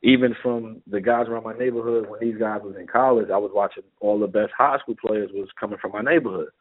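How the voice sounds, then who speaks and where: A fast-talking middle-aged man with a low-leaning voice and a New York accent tells anecdotes as a guest in an informal interview. The former basketball player acts out the dialogue animatedly, and the sound is tinny, as if over a phone.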